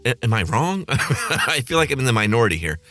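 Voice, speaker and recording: A man's voice: medium pitch, very animated, a little fast, pushed and bright, no room sound, faint music behind. A man hosting a podcast, ranting in a snarky, profane, sarcastic way. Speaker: podcast host and flight attendant. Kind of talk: comedic rant.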